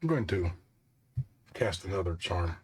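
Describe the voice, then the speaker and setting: A man's voice: low-pitched, big pitch swings, unhurried, slight background noise. A man playing a tabletop game, joking playfully with the table. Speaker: player. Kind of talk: casual game talk.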